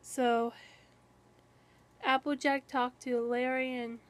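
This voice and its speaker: Slow, rambling young woman storyteller. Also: high-pitched, flat delivery. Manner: rambling, halting, many restarts and "and" fillers. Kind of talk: improvised fan-fiction story narration.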